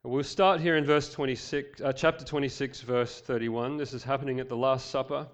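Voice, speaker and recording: A man's voice: mid-range voice, fairly even intonation, a little fast. A male pastor preaching a sermon, reading scripture with voiced quotes and joking asides.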